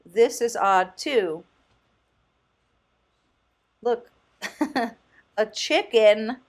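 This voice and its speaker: A woman vlogging casually as a thrift host, chatty and enthusiastic, often exclaiming and thinking out loud. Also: a little high, lively intonation, extremely slow. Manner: muses aloud, thinking out loud. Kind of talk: casual vlog commentary.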